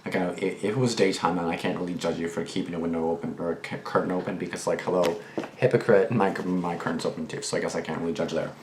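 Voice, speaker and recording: This reaction channel host is a young man with a deep voice who speaks fast in a steady tone. He rambles loosely through his reactions and a personal story, with fillers, restarts and swearing throughout. Faint noise sits in an echoey room.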